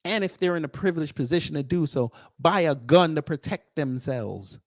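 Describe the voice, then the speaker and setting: Combative guy ranting, taunting, kinda high voice, dry close sound. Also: lively intonation, moderate pace, no echo. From United States. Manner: combative, sarcastic, taunting, swearing. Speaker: commentary host. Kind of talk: heated commentary rant.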